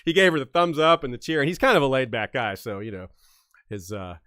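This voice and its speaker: A man co-hosts a casual podcast and tells his stories emphatically, with lots of animation. His voice sits at a medium pitch, and the recording is dry. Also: big pitch swings, a little fast, a bit bright, clean tone, no room sound. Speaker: podcast co-host. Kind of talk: casual storytelling chat.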